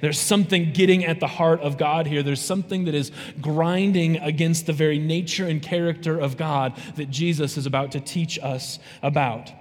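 A man preaching a sermon to a church congregation, lively and conversational, often checking in with his listeners. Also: on the high side, moderate pace, few pauses. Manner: lively, conversational, often asks "right?" to the audience. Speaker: pastor. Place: church sanctuary. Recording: long reverb from a large hall.

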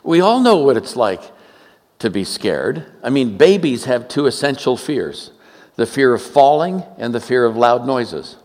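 Male preacher, 70s, from Oakland California, lively pitch swings, joking asides, long hall reverb. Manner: joking, animated storyteller, quick asides. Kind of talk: sermon with humorous stories.

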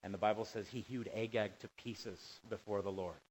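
A man's voice: lowish voice, fairly even intonation, normal speed, a little mellow, a little hiss or hum, rough recording. Man preaching with rising emphasis. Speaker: pastor. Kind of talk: sermon.

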